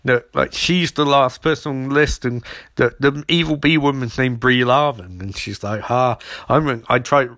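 A man's voice: medium pitch, moderate pace, fairly bright tone. A man doing a rambling comedic recap of a TV episode, slipping into mocking voices for the characters.

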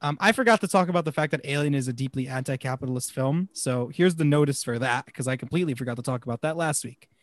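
A man's voice: mid-range voice, fast, no room sound. A man hosting a casual podcast about films, rambling and stumbling over his words and laughing often. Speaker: podcast host.

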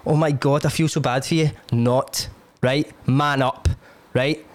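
A man's voice: mid-range voice, fairly even intonation, a little slow. A man hosting a podcast, doing a brash, joking sponsor read. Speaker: podcast host. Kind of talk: casual chat and ad read.

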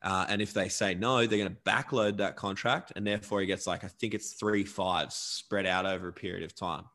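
A man's voice: sits low, steady tone, fairly quick, sharp tone. A man co-hosting a casual sports podcast, chatty and upbeat, reading sponsor plugs. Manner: upbeat, chatty, repeats catchphrases. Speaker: podcast co-host.

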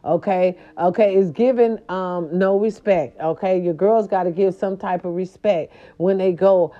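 A woman's voice: on the low side, measured pace, muffled recording. A woman hosting a gossip commentary show, sassy and emphatic, repeating her catchphrases with theatrical swoops and growls. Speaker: gossip vlog host.

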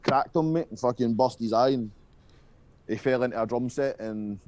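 Against a noisy background, a young man from Scotland recounts his school days at a normal speed in a mid-range voice. He's a guest musician in an informal interview, and his storytelling is rambling, profane and packed with fillers.

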